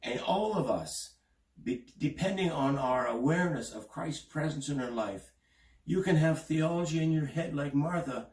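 A man's voice: darkish tone, far from the mic. A man preaching a sermon, reading scripture aloud in an earnest way and stressing key words. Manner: earnest, reads scripture aloud and rises in pitch for emphasis. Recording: roomy, from off the mic.

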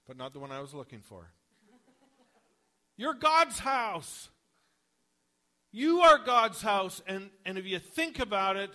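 A man's voice: high-pitched, sharp tone. A male pastor preaching a sermon in a conversational way, often asking the congregation questions.

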